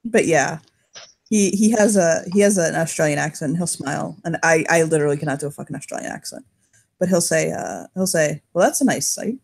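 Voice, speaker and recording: A woman's voice: sits low, animated, a little fast, creaky, a little mellow. A woman running a tabletop game, narrating in a rambling way with frequent swearing and restarts. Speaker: game master.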